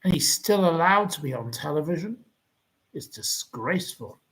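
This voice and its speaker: A man's voice: fairly high pitch, lively intonation, normal speed, a bit bright, husky, poor audio. A man hosting a livestream, ranting indignantly and rambling as he answers viewer comments. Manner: indignant, rambling, repeats insults.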